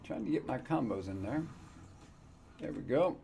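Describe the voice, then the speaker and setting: Gravelly older man joking through gameplay. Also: medium pitch, lively intonation, moderate pace, dark tone, slight background noise. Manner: wry, joking asides while playing. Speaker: let's-play gamer. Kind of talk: casual gameplay commentary.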